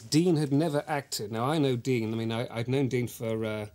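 A man's voice: medium pitch, steady tone, moderate pace, a little mellow, lightly acted. An actor playing a pretentious, self-regarding male actor, talking earnestly in a mock documentary interview. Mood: recounting. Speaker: actor in the series.

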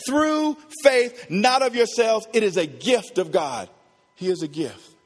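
A middle-aged man preaching a sermon, swinging between soft talk and loud emphasis, with casual asides to the congregation. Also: high-pitched, expressive, measured pace, long reverb tail. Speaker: pastor. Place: church.

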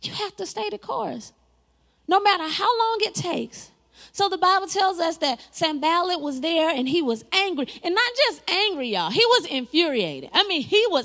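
A woman pastor preaching a sermon, lively and dramatic, with laughs and spoken asides. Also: very high-pitched, normal speed.

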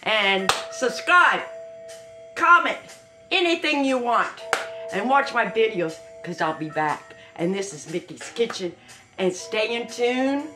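A woman hosting her own cooking video, showing a home-made dish in a casual, exuberant way with frequent high whoops. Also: slow pace, echoey room, music in the background. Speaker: cooking channel host.

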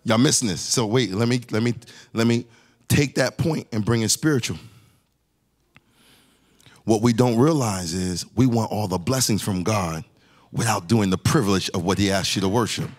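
A man in his forties preaching a conversational sermon, telling a family story and talking straight to his congregation, his voice climbing to near-shouts. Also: lowish voice, moderate pace, pauses often. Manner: lively, addresses the congregation directly, rising to near-shouts. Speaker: pastor. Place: church sanctuary.

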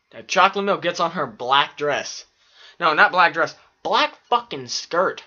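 A man spins rambling, profanity-laced stories in a loose, animated way. His voice has a bright edge to it. The recording sounds dull and lo-fi. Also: fairly high pitch, slow pace, pauses often. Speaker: vlogger. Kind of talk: casual storytelling.

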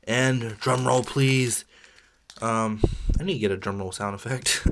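A man's voice: mid-range voice, steady tone, unhurried, creaky, a bit bright. A man chatting casually as he opens toy packs for a video, rambling and joking at his own expense. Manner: rambling, chatty, self-deprecating with small laughs. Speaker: toy unboxing vlogger. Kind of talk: casual unboxing chat.

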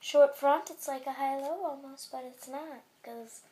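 A woman's voice: sits high, fairly even intonation, a little slow, warm tone, a little hiss or hum. A teenage girl hosting a clothing haul video, chatty and self-mocking with joking asides. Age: teens. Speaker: vlogger.

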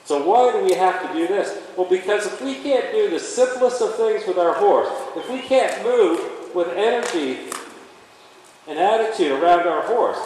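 A man training a horse and explaining each step out loud, in an emphatic, animated way. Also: a little high. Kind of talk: instructional demonstration. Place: indoor horse arena. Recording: echoey arena from far off, faint noise.

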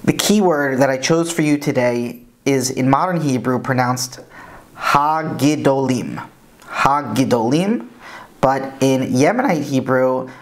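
Patient man teaching Hebrew pronunciation. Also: medium pitch. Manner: patient, explains pronunciation step by step. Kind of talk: explanatory lesson narration.

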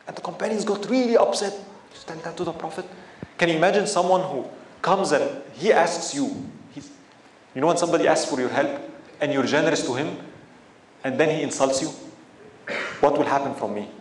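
A man delivering a religious lecture with a fairly high voice, animated and full of rhetorical questions. The sound carries a clear echo from the room, with faint ambient noise underneath. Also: brisk, pauses often. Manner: animated, asks the audience frequent rhetorical questions. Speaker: Islamic teacher.

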